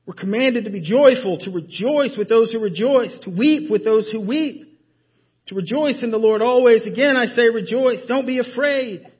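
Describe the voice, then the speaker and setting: A man preaching a sermon in a church, emphatic and full of rhetorical questions, often dropping his voice low to stress a point. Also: normal speed, husky, muffled recording. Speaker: pastor. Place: church sanctuary.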